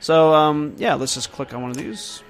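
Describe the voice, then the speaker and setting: A man's voice: a little high, expressive, moderate pace, soft background music. A young man giving casual, rambling commentary while playing a video game and reading its dialogue aloud. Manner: casual and rambling, with many fillers. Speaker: game reviewer.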